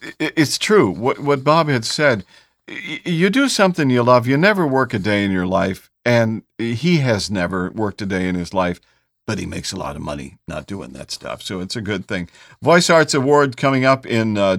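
A man's voice: mid-range voice, lively intonation, moderate pace, fairly bright tone, dry recording, clean studio sound. A man hosting a podcast, genial and chatty, often stumbling over his words. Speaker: podcast host. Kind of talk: casual podcast interview.

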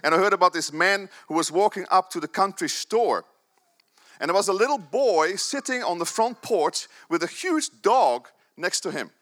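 A man's voice: high voice, normal speed. A man preaching a sermon, telling stories and joking with the congregation. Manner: animated storytelling with audience banter and laughs.

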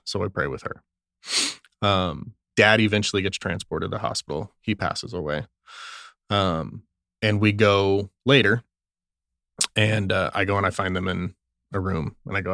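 A young adult man with a low, gravelly voice, speaking as a police officer guest on an interview. He tells work stories earnestly and acts out the dialogue. The sound is close and dry. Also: brisk, a bit bright, no room sound. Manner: earnest, retells scenes with quoted dialogue. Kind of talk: conversational interview storytelling.

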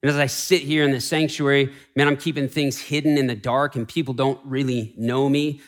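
A man preaching a Sunday sermon in a church sanctuary, shifting between raised, urgent declarations and hushed, pleading passages. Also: mid-range voice, flat delivery, fairly quick, few pauses. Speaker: pastor.

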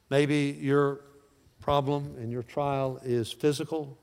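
A man of forty or older preaching a sermon in a folksy way, dropping to soft, slow lines and rising to loud calls. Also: medium pitch, little pitch movement, vocal fry, smooth, big-room sound. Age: 40s or older. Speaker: pastor.

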